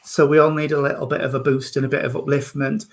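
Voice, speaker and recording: A man's voice: a little high, flat delivery, quick pace, vocal fry. A man, a reverend and medium, hosting an online service with affectionate, chatty readings over a video call. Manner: affectionate, calls people darling and sweetheart.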